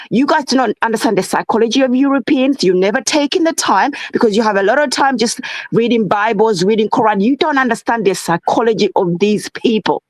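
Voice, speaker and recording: Fervent, lecturing woman with a high voice. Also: dry recording, poor audio. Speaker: guest. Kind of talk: impassioned discussion.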